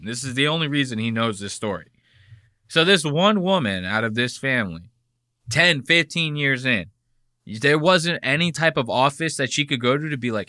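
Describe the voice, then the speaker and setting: A man's voice: mid-range voice, pushed and bright, no room sound, clean studio sound. An American man in his thirties hosting a podcast, ranting in casual commentary full of profanity. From United States. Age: 30s. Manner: profane, heated, rambling. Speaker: podcast host.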